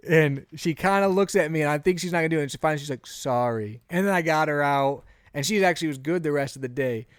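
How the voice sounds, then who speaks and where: A man in his thirties, a podcast co-host telling an animated story in a casual chat, often acting out what he said. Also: fairly high pitch, quick pace, clear, resonant tone, no room sound, studio quality.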